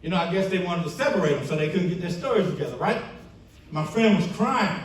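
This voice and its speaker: Man, keynote testimony speaker, lively storyteller, higher voice, very echoey hall heard from afar. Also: quick pace, recorded from a distance. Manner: storytelling, acts out quoted friends in animated bursts. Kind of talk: testimony speech at a banquet. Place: church banquet hall.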